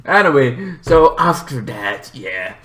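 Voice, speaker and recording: A man's voice: mid-range voice, sing-song, slow pace, fairly bright tone. A man casually reviewing a horror movie, rambling with many fillers and swearing as he retells scenes animatedly.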